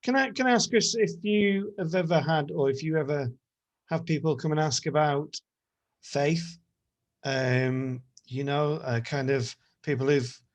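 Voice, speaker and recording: A man hosting an interview, asking halting questions with many restarts. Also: fairly high pitch, steady tone. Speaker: interviewer, priest host.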